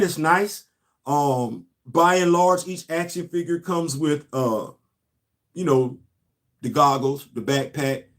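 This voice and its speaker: A man with a slightly higher voice than most hosts a casual unboxing live stream. He talks straight to his viewers in an easygoing drawl, looping back over his own phrases and letting sentences trail off. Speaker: toy collector vlogger hosting a live stream.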